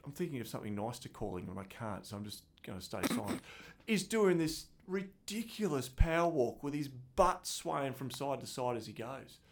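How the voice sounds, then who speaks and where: A man from Tasmania with an Australian accent, telling stories in animated, jokey casual chat. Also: medium pitch, normal speed. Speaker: podcast co-host.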